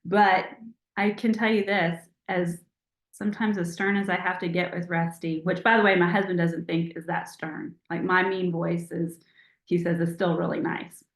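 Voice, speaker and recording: A woman leading a motivational team call over a video call in a chatty, encouraging, animated way. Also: on the low side, normal speed, gravelly, reverberant. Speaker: team leader hosting a call.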